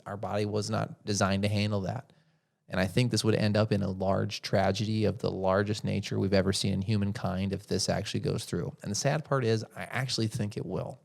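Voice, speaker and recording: Man, podcast host, low gravelly voice, rhetorical, opinionated monologue. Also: a little mellow. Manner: rhetorical, asks questions then answers them.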